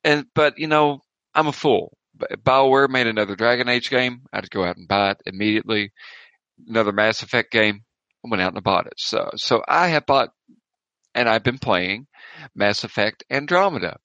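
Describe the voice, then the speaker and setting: A man with a bright, forceful voice hosts a casual podcast chat. He jokes and talks with enthusiasm, recorded dry and close. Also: fairly low pitch, moderate pace, dry recording, highs cut off. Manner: joking, enthusiastic. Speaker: podcast host.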